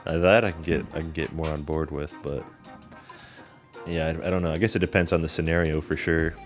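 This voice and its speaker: A man with an extremely deep voice hosts a casual podcast chat. He tells a story in a loose, meandering way, full of "like" and "um" and frequent swearing. Faint music sits underneath his voice. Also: level tone, brisk. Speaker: podcast host.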